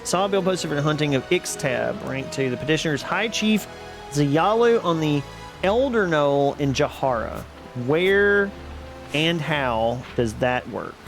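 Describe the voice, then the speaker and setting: A man live-streaming a game, chatting casually with viewers in a rambling, self-deprecating way and laughing often. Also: a little high. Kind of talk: casual live-stream chat while gaming. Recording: background music under the voice. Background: music playing.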